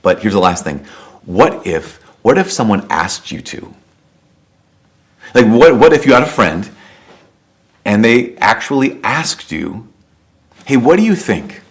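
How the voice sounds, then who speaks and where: Low-voiced priest preaching conversationally. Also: male voice, big pitch swings, measured pace, long pauses. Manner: conversational storytelling with repeated rhetorical questions. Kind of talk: sermon.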